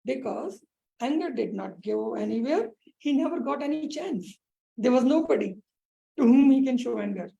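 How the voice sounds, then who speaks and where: A woman meditation teacher telling a spiritual teaching story on a support call, with many pauses, fillers and restarts. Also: high-pitched, lively intonation, gravelly, warm tone, highs cut off.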